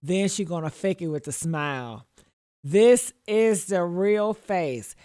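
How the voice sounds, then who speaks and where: A woman's voice: on the low side, slow, dark tone, dry recording, clean studio sound. A woman giving casual reaction commentary, sassy and mocking, laughing often and talking straight to her viewers.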